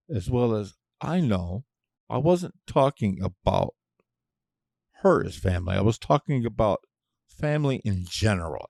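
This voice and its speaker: Profane gravelly low-voiced man ranting. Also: no room sound, studio quality. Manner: profane, blunt, with sudden loud outbursts. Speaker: podcast host. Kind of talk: casual ranting monologue.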